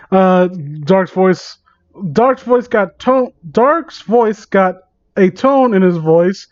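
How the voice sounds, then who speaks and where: A man's voice: sits high, slow, smooth, no echo. A man reading fan fiction aloud for comedy, stumbling over words and rambling in asides, on a dull lo-fi mic.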